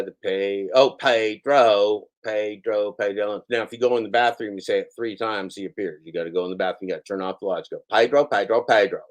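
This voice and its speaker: A man hosting a live stream, reading out and answering chat comments in a sarcastic, mocking way. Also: fairly low pitch.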